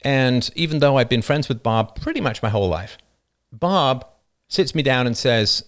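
A man's voice: lively intonation, moderate pace, a bit bright. A man hosting a livestream, talking passionately and rambling through personal stories, often laughing at them. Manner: passionate, rambling storyteller who laughs at his own stories; acts out quoted people in a higher voice. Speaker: livestream show host. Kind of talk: unscripted monologue on a livestream.

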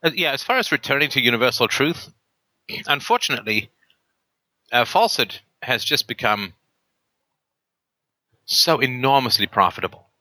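A man's voice: mid-range voice, very animated, moderate pace, long pauses, sharp tone, no echo. A man hosting a call-in show, talking emphatically with rhetorical tag questions and plenty of ums and uhs. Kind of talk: casual argumentative talk on a call-in show.

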